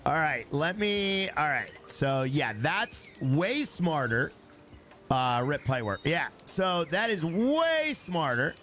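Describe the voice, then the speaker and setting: A man's voice: a little high, sing-song, slow pace, a bit bright, soft background music. A man playfully chatting with his viewers while streaming a building game, joking as he plays. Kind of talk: casual live game commentary.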